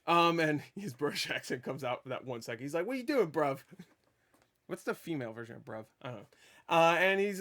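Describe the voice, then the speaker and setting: A fairly high-voiced man talks through a movie in a loose, unscripted review. He rambles, curses freely and trips over his own restarts, then bursts into excited shouts when he gets to the big moments. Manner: rambling, profane, with stammered restarts; animated and excitable. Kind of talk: casual spoiler review talk.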